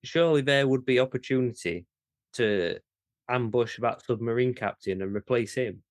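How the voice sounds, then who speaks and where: A man co-hosting a podcast in casual chat, animated and incredulous, with some swearing and restarts. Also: medium pitch, moderate pace, dry recording. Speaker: podcast co-host.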